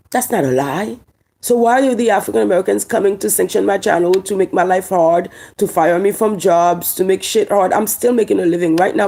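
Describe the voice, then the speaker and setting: Gravelly Haitian woman ranting to camera. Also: mid-range voice, mellow. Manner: emphatic, repeats lines and fires rhetorical questions. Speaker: online commentator. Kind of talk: heated monologue to camera.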